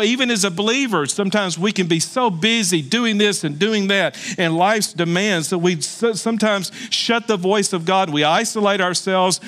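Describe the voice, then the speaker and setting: A man's voice: high-pitched, fairly bright tone. A man preaching a sermon as pastor, reading scripture aloud and stopping to exhort the congregation with emphatic questions.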